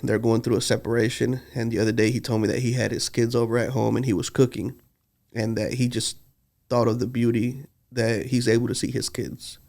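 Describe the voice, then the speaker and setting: A man talks earnestly and from the heart, as a podcast co-host. His voice is gravelly and creaky, sitting at a middle pitch. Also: little pitch movement, fairly quick, darkish tone. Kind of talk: casual podcast conversation.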